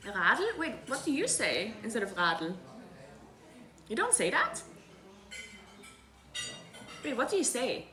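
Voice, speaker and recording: A woman's voice: fairly high pitch, huge pitch swings, slow, long pauses, pushed and bright, faint music behind. A young woman from Tyrol, chatting casually with her stream viewers, laughing often and filling her talk with "like.". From South Tyrol. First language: German (South Tyrolean dialect). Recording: roomy echo.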